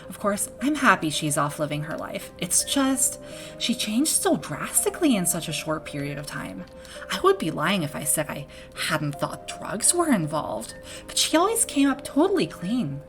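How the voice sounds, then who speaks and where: A woman's voice: on the low side, very animated, moderate pace, over music. A woman reading the lines of a chatty small-town parent in a video game, in a put-on Minnesota accent that drifts into Irish. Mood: gossipy, fretful. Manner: folksy, gossipy, talkative. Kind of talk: reading game dialogue aloud.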